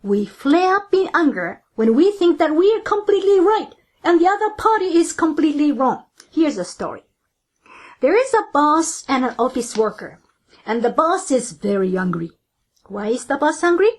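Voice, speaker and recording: Female Buddhist teacher, dharma talk, high and animated, explanatory with rhetorical questions. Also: normal speed.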